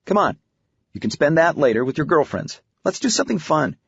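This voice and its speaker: A man voicing a playful middle-aged father who coaxes his daughter along, speaking a little higher than the narration. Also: very animated, a little fast, creaky, husky, dry recording, heavily acted. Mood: coaxing. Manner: coaxing, lightly raised. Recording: dull, muffled audiobook recording.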